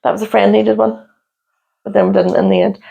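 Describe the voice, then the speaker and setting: A woman's voice: medium pitch, very animated, fairly quick, creaky, warm tone, breathy edge, rough recording. A woman co-hosting a podcast in casual chat, teasing her co-host and giggling through the banter.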